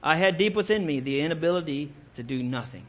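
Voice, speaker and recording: A man's voice: a little high, lively intonation, fast, a bit bright. A man voicing a stubborn, resolute army colonel who gives firm orders. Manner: firm and commanding.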